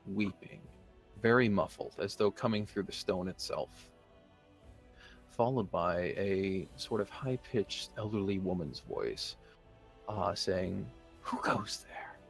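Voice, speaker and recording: Low gravelly guy running a tabletop game, slow descriptive narration, lots of uhs. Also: faint music behind. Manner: measured descriptive narration with frequent "uh" fillers. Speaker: game master.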